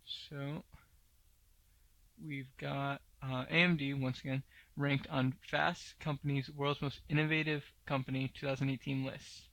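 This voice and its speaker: A man hosts a tech news podcast in a casual, opinionated way and fills his talk with asides. His voice has a gravelly fry and stays fairly level in pitch. The recording is dry and close, with no room sound. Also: little pitch movement, a little slow, a bit bright, no room sound. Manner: opinionated, blunt, many fillers. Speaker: podcast host.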